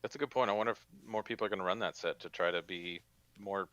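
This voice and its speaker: Low-voiced bright man on a dull mic. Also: quick pace, no echo. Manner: thoughtful, hedging opinions. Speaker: podcast guest. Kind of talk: casual gaming podcast discussion.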